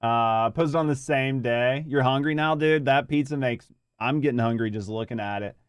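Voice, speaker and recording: A man's voice: medium pitch, normal speed, smooth, no room sound. A man doing rambling, casual reaction commentary, swearing freely and chatting with his viewers. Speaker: reaction streamer.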